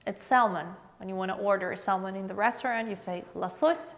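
A woman teaching a language alphabet lesson, saying each letter slowly and repeating example words. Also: medium pitch, fairly even intonation, in a large hall.

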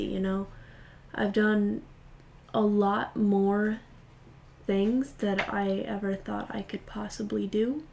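A woman's voice: mid-range voice, dark tone, a little hiss or hum. A young woman chatting casually and reflectively to camera, rambling with many fillers. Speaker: vlogger. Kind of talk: casual vlog chat. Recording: echoey room.

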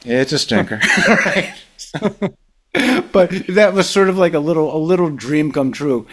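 A man's voice: on the high side, measured pace, a bit bright. An older man, a comedy writer, telling rambling show-business stories as a podcast guest, laughing often. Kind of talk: casual anecdotal storytelling.

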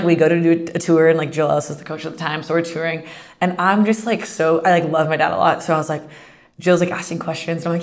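Fast-talking young woman telling stories. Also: lowish voice. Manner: animated storyteller, acts out quotes, heavy "like". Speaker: podcast guest, pro soccer player. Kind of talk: casual interview chat.

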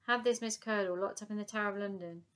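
A woman reading aloud, voicing an elderly queen who is weary but kind, in a measured, softly regal manner. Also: medium pitch, steady tone, natural voice.

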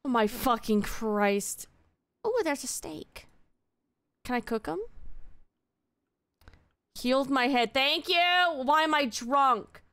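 Young woman streamer, high bright voice, exasperated and swearing, dry close mic. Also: slow pace, pauses often, smooth, dry recording. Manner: exasperated, swearing, yelling at chat. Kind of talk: live game streaming.

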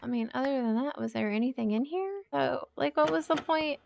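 A woman's voice: high voice, fairly quick, vocal fry, noisy background. A woman hosting a game playthrough in casual commentary, chatty and exclaiming as she talks to the creatures on screen. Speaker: let's play host.

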